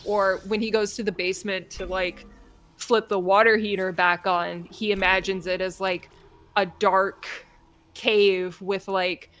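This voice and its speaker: A woman's voice: mid-range voice, level tone, measured pace, a bit bright. A woman streamer casually retelling a story in a rambling way, with many fillers.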